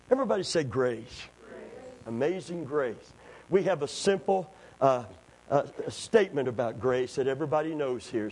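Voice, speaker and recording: A man preaching a sermon in a church, calling for amens and rising to shouted emphasis. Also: fairly high pitch, rough recording. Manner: call-and-response, climbs to shouted emphasis.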